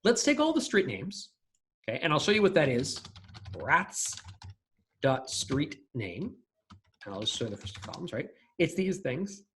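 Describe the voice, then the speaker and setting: A man's voice: on the high side, big pitch swings, measured pace, fairly bright tone, slight background noise. A man teaching a recorded programming class, talking casually and thinking aloud with fillers and restarts. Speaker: lecturer. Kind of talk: recorded coding lecture.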